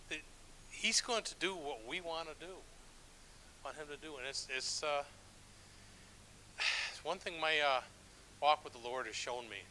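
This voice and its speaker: A middle-aged man serving as a church elder preaches in a relaxed, self-deprecating way, often restarting his sentences. His voice is bright and forceful and sits a bit high. A faint hiss runs under the recording. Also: rough recording. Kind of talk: sermon with storytelling.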